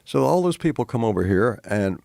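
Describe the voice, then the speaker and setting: A man's voice: medium pitch, very animated, brisk, vocal fry, mellow, dry recording, clean studio sound. A man with a Southern American accent, telling meandering stories as a guest in a casual conversation. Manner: meandering, anecdotal storyteller.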